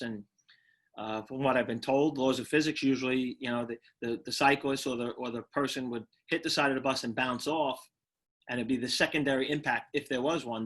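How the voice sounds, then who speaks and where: A middle-aged man from Brooklyn, telling his personal story as an interview guest in an earnest, reflective way with halting restarts. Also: mid-range voice, a bit bright, breathy edge. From Brooklyn, New York. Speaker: guest, retired firefighter.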